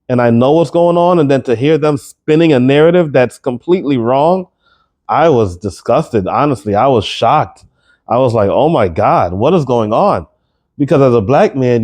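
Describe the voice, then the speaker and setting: A man's voice: medium pitch, darkish tone. A man giving his opinion straight to the camera, emphatic and incredulous, firing off rhetorical questions and repeating words as he gets worked up. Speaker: commentary vlogger.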